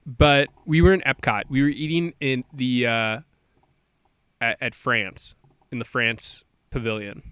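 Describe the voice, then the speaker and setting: A man's voice: medium pitch, steady tone, unhurried, a bit bright, smooth, no echo. A young man co-hosting a casual chat podcast, joking and laughing often. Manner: joking, laughs often, does silly voices. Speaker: podcast co-host.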